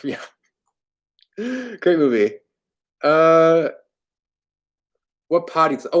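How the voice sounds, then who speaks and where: A young man from Florida hosting a livestream, answering viewer questions in a candid, self-deprecating, rambling way. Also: on the high side. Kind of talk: casual livestream chat. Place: home in New York.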